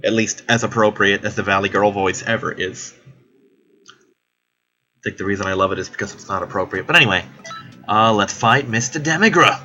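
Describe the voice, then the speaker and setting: A man's voice: fairly low pitch, level tone, brisk, long pauses, bright, forceful tone, dull audio. A young man chatting casually while playing a video game, rambling, swearing now and then. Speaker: let's play host. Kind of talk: casual gaming commentary.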